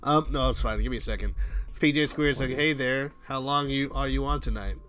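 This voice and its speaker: A man's voice: mid-range voice, a little fast, fairly bright tone, slight background noise. A young man hosting a live stream, chatting casually with friends and viewers in a playful, joking way. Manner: playful, joking, breaks into song. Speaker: streamer host.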